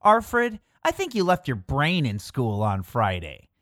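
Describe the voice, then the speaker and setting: A performer voicing a bossy ten-year-old girl who is impatient to be a grown-up, with a shrill, scornful manner. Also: huge pitch swings, unhurried, a bit bright, no room sound, clean studio sound.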